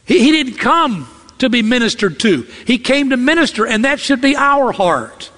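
High-voiced preacher in an echoing hall. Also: male voice, sing-song, moderate pace, pushed and bright. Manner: emphatic, acts out quoted lines in character. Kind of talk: expository sermon.

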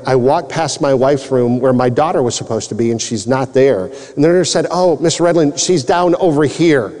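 Male preacher, mid-range pitch, earnest testimony delivery, mellow tone in a reverberant hall. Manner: earnest, emotional storyteller. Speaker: preacher telling his testimony. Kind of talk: personal testimony sermon. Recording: long reverb in a large hall.

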